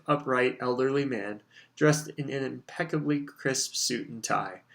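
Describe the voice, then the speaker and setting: A man reading a novel aloud as an audiobook narrator, in measured storytelling. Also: medium pitch, a bit bright. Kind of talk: scripted narration.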